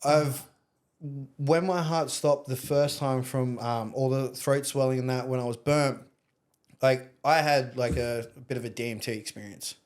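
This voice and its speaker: A man's voice: medium pitch, normal speed. A young Australian man, a podcast guest, telling a long personal story in a candid, rambling way with plenty of swearing. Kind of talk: casual storytelling interview.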